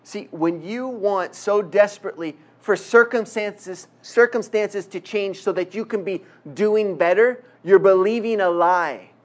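A man preaching a sermon, reading scripture slowly and emphatically, with humorous asides. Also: sits high. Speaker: pastor.

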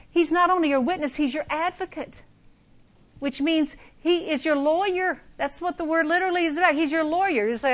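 A woman preaching a sermon in an earnest, emphatic way, dropping now and then to a soft hush. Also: high-pitched, brisk.

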